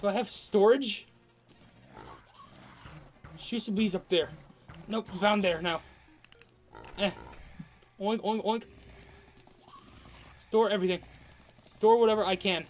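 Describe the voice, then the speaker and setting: A gamer commentating their own playthrough, excitable and talking back to enemies with frequent outbursts. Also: mid-range voice, unhurried, pauses often, soft background music. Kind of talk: let's play commentary.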